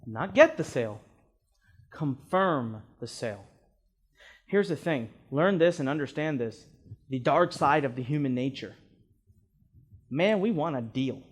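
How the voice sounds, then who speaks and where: A man's voice: on the high side, expressive, moderate pace. A man teaching a live seminar to an audience as a marketing instructor, emphatic and repeating words, often asking "right?".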